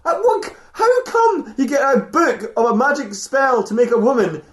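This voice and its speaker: High-voiced man spinning a silly story. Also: animated, normal speed, reverberant. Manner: rambling, laughing, playfully crude. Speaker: podcast host. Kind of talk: improvised comedic storytelling.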